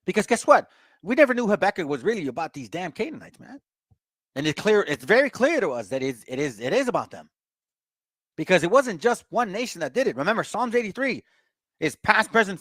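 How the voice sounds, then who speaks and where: A man's voice: high voice, fairly bright tone, dry recording. Laid-back man teaching the Bible. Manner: laid-back street talk, calls listeners fam and bro. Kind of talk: casual scripture teaching.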